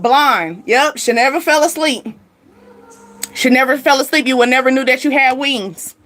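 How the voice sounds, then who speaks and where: Woman host, high voice, sassy spiritual reader, faint music underneath. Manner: animated, sassy, laughs often, talks straight to the listener. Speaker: spiritual reading channel host. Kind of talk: casual spiritual reading to viewers.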